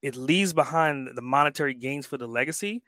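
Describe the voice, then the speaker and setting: A man's voice: mid-range voice, brisk, pushed and bright, no echo. A man speaking as a podcast guest, emphatic and fired up, swearing freely in casual conversation.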